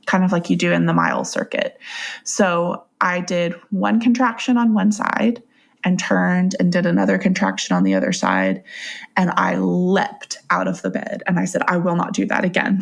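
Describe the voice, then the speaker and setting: A young woman recounts her own experience as a guest on a podcast. Her voice has a noticeable fry and gravel in it. She talks casually and conversationally, breaking into laughter often as she goes. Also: lowish voice, big pitch swings, unhurried. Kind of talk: personal storytelling.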